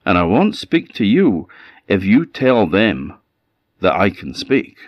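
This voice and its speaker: A proud little goat who decides for himself whom he'll speak to, his Scottish voice perked up and lively, as a man does the voice. He sounds dry and close, picky and a touch superior. It's the goat of a told folk tale. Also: lowish voice, slow, no echo, lo-fi sound, full character voice. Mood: stubborn. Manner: stubborn, picky about whom he talks to. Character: sulky, proud talking male goat.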